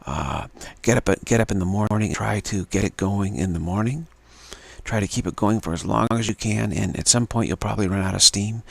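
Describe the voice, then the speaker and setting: A man giving a slow, halting spiritual talk with many fillers and repeated words, recorded live. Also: fairly low pitch, creaky, breathy edge, no room sound. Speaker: spiritual teacher.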